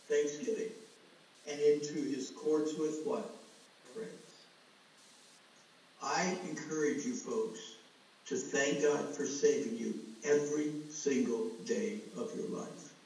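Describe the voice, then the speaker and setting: Middle-aged male preacher, earnest storyteller, mellow voice, booming hall echo, heard from a distance. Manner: storytelling, earnest, addresses the congregation as folks. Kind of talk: sermon. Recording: echoey hall, voice from far off.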